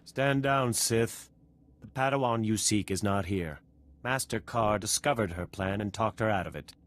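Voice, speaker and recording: Male actor as a principled Jedi in a video game: fairly low voice, measured and earnest. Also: lightly acted. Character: thoughtful male Jedi Knight, calm and principled.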